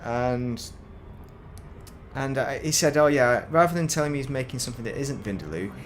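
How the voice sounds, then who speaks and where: A man's voice: medium pitch, expressive, normal speed, a little hiss or hum. Chatty man streaming a game. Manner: rambling, self-interrupting, chatty. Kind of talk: casual gameplay commentary.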